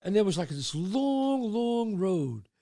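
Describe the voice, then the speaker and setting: A man's voice: high-pitched, slow pace. An older man hosting a show, telling stories casually and acting out the voices in them. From the Bronx, New York. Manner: animated, acts out voices in his stories. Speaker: host. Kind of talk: casual storytelling.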